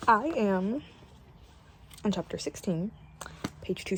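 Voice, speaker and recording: A woman's voice: mid-range voice, moderate pace, darkish tone. A young woman vlogging casual reading updates, chatty and gushing, with lots of fillers. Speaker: book vlogger. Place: at home while doing laundry. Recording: noisy home recording. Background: washing machine noise.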